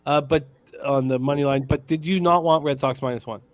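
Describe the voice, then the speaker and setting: A man's voice: medium pitch, steady tone, brisk, dry recording. Upbeat man hosting, dry sound. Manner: upbeat, plugs shows, reads chat names. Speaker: host. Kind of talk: casual sports radio hosting.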